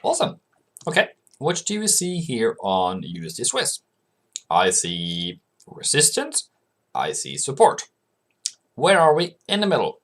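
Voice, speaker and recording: Lively chatty man talking through charts. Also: mid-range voice, unhurried. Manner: asks himself questions and answers them; chatty, coaxes viewers as "mate". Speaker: forex trading channel host. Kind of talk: casual chart-analysis commentary.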